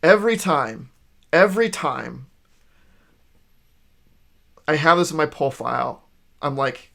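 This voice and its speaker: A man chatting casually about his latest comic book pickups, his voice sitting a little high for a man. He rambles, restarts his sentences and fills pauses with ums, but stays openly enthusiastic. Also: animated, vocal fry, fairly bright tone. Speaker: comic shop video host.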